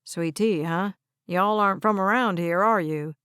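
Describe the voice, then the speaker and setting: A woman voicing a gruff, blunt elderly grandfather in an audiobook, recorded dry. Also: mid-range voice, lively intonation, unhurried, darkish tone, dry recording. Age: over 70. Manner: gruff and plainspoken.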